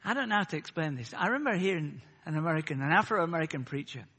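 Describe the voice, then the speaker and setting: A man preaching a sermon. He swings between loud, fervent peaks and soft, chatty asides. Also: a little high, animated, rapid-fire, breathy edge, in a large hall.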